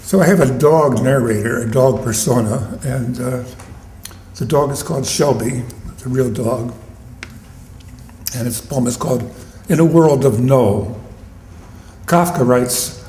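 Slow, wry poet introducing his poems. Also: mid-range voice, dark tone, roomy sound. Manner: conversational, wry, with small restarts. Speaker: poet reading his work. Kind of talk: live poetry reading with asides. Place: poetry venue, live audience.

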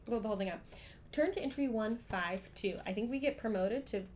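A woman's voice: mid-range voice, brisk, darkish tone, slight background noise. A woman streaming a game, reading the entries aloud and chatting playfully with her co-player. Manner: playful, giggly, breaks into song. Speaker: streamer running a solo-style game. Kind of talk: reading a gamebook aloud with casual chat. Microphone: streaming microphone.

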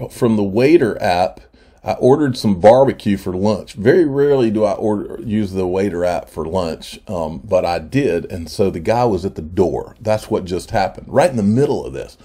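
A man's voice: mid-range voice, warm tone, husky. A man hosting his own channel, talking through on-screen items in a loose, conversational way and correcting himself as he goes. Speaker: crypto channel host. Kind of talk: casual screen-share commentary.

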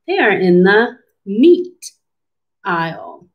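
The audio is dull as a woman with a medium-pitched, sing-song voice reads a storybook to children. A speech therapist, she goes slowly and keeps encouraging them with questions.

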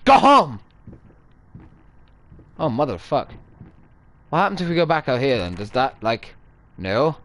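A man's voice: mid-range voice, big pitch swings, moderate pace, pauses often. A man commentating a horror game, jumpy and swearing a lot with nervous yelps and laughs. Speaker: gaming video host. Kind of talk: let's play commentary.

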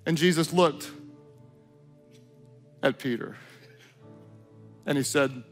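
A man pastor preaching a sermon, swinging from loud emphatic lines to hushed, low passages. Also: takes it slowly, pauses often, faint music behind.

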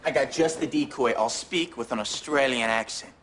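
A man's voice: mid-range voice, moderate pace, close to an everyday voice. An actor playing a goofy, blunt teenage boy in a sitcom. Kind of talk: sitcom acting. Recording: studio audience laughter and noise.

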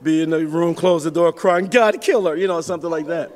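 A man preaching a sermon as pastor, telling a personal story with big swings in pitch and loudness. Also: little pitch movement, quick pace, long reverb tail.

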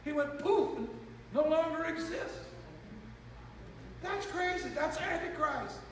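A man preaching a sermon as bishop, talking with emotion and breaking into shouts and snatches of hymn. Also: very high-pitched, takes it slowly. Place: church sanctuary. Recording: echoey church from far off, with noise.

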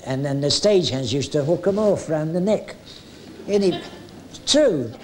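An older man reminisces about his days on the stage, chatty and full of little jokes. His voice sits somewhat high for a man. Now and then he stops on an "uh" and picks his story back up. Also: expressive, unhurried, darkish tone, a little hiss or hum. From England. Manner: chatty and jokey, with hesitant fillers. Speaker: retired music hall entertainer reminiscing. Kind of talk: anecdotal storytelling.

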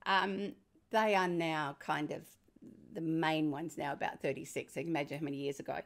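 An older woman with an Australian accent, speaking as a guest in a podcast conversation, telling stories with lively emphasis. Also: sits low, a little fast. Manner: animated, emphatic storyteller. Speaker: parenting author and guest.

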